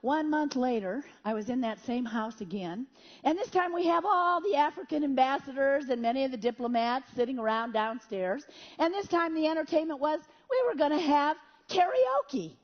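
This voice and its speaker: High-voiced woman preacher telling a story. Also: normal speed, lo-fi sound. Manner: animated storyteller with sound effects and prayer. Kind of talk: storytelling sermon testimony.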